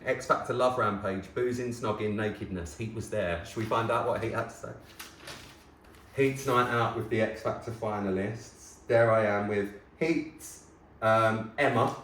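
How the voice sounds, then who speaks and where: Holding up mementos for his vlog, this presenter and ex-talent show contestant gushes and chats, getting excited and teary fast. His voice is slightly low, and the roomy recording carries a faint hiss.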